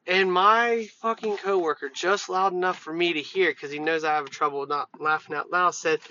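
A man's voice: fairly high pitch, moderate pace, few pauses, a bit bright. A man hosting a podcast, telling work stories in a loose, profane, casual way with many fillers. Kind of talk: casual storytelling monologue. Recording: dull lo-fi recording.

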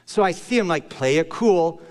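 Male pastor, slightly high voice, playful storytelling sermon, sinks low and soft for the serious points, long church-hall reverb. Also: lively intonation, normal speed. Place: church service.

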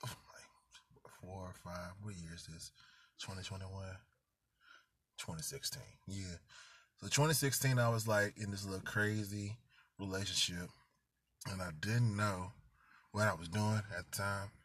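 A man's voice: low-pitched, steady tone, unhurried, long pauses, fairly bright tone, slight background noise. A man hosting a casual podcast from a parked car, telling stories in a laid-back, slangy way. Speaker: podcast host. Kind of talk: casual chat.

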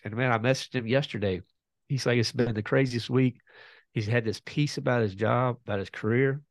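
A man's voice: mid-range voice, steady tone, a little fast, no echo. A man, a podcast guest casually telling a story and acting out both sides of a conversation.

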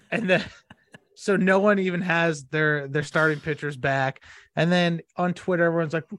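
A man's voice: on the high side, steady tone, normal speed, fairly bright tone, no echo, clean studio sound. A man co-hosting a casual sports podcast, gloating and swearing as he mocks rivals. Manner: gloating, profane, mocking. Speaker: podcast co-host.

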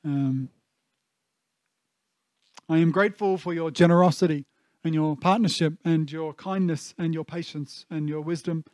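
A man, giving a heartfelt, earnest sermon, often pausing with fillers and restarting his phrases. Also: fairly high pitch, steady tone, darkish tone, no echo. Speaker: pastor.

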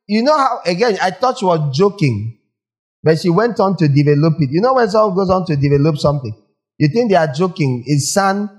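A man's voice: on the high side, a little mellow. A man preaching a sermon, telling stories and firing rhetorical questions at the congregation before closing in prayer. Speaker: pastor.

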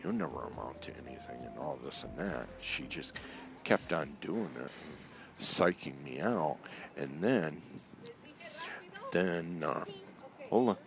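Clear music backs a very deep, gravelly male voice telling a story in a relaxed, casual way. He takes his time, yet his pitch jumps around animatedly as he voices the people involved.

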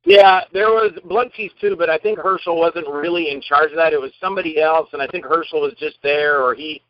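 A man with a fairly high voice tells stories from his acting work, slipping into different voices to act out what people said. The sound is dry and a little dull, recorded close up without room echo. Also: a little fast. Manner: animated, acts out quoted lines in varied voices. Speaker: actor and interview guest. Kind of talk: anecdotal storytelling in an interview.

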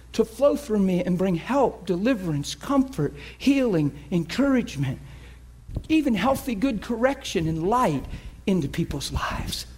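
Preacher guy, kinda high husky voice, gets loud then goes quiet, telling his story to the church. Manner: animated storytelling, swinging from hushed to shouting. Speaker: pastor. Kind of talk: sermon.

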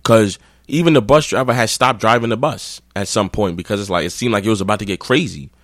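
Low-voiced man telling a blunt story. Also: fast talker, a bit bright, no room sound, studio quality. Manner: profane, blunt, rambling. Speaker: podcast host. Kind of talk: casual storytelling.

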